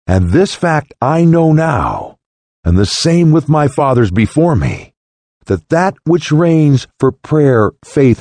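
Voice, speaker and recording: A man's voice: medium pitch, darkish tone, no room sound, heavily acted. A man voicing a wise, scornful old dog. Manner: mocking, knowing.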